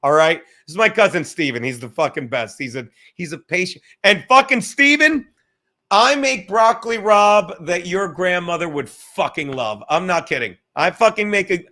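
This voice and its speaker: A man's voice: a little high, pushed and bright. A man hosting a podcast, talking in a rambling, profane and jokey casual monologue. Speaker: podcast host.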